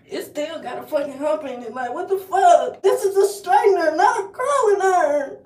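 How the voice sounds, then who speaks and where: A woman's voice: extremely high pitch, lively intonation, normal speed, a little mellow. A young woman, ranting in a casual comedic vlog, swearing and exasperated. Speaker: vlogger. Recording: roomy echo, heard from a distance.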